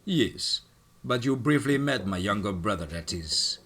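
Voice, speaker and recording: A man voicing a menacing Russian male mercenary leader with a thick Russian accent, slow and gloating as he gropes for words. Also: fairly low pitch, lively intonation, a bit bright, slight background noise.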